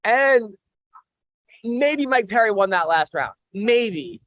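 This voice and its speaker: Dude with a high voice rambling on a fight podcast, giggly, dry close recording. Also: male voice, sing-song, slow pace, fairly bright tone, no echo. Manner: chatty, laughs often, rambling restarts. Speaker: podcast co-host. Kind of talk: casual sports banter.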